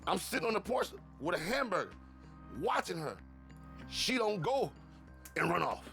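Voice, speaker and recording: A man's voice: sits high, sing-song, normal speed, creaky, pushed and bright, soft background music. A man from Cleveland telling his story in an interview, profane and acting out the dialogue, repeating words in bursts. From Cleveland, USA.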